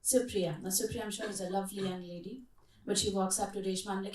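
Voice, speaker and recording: A woman's voice: mid-range voice, quick pace, slight background noise. A middle-aged woman leading a workshop, telling stories and asking the audience questions. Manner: lively storytelling, asks the audience questions. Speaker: workshop speaker. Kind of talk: interactive workshop talk. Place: conference hall. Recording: echoey hall, voice from far off mic.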